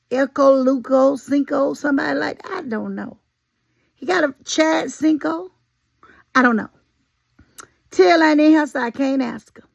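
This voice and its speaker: Sassy high-voiced woman with a gravelly edge. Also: no echo, studio quality. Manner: animated, folksy and sassy, talks straight at viewers. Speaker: commentary vlogger. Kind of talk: casual opinion commentary.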